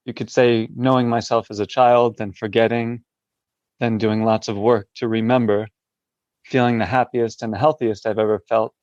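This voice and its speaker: A man's voice: lowish voice, a little mellow, no room sound, muffled recording. A man speaking as a podcast guest from a hospital room, reflective and hesitant, with many fillers. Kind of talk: interview conversation.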